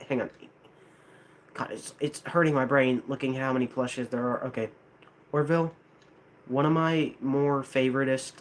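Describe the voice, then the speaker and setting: A man's voice: mid-range voice, a little hiss or hum. A young American man rambling casually to a live chat, hesitant, with many restarts. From United States. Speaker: streamer.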